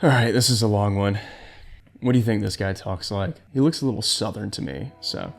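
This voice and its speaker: A man's voice: on the low side, expressive, fairly quick, creaky, soft background music. Sarcastic young man reacting to posts. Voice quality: sarcastic, incredulous. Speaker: commentary host.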